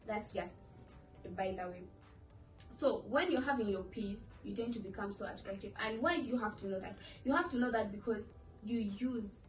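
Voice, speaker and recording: Young woman, chatty vlogger, playful, distant mic, echoey room. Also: mid-range voice. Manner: chatty, playful, acts out quoted voices. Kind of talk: casual talk to camera. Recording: echoey room from far off with faint music.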